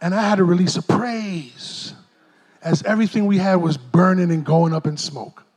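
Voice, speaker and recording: A middle-aged man, preaching a sermon from a church stage in an animated, joking, streetwise way. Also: sits high, moderate pace, slightly rough. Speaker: pastor.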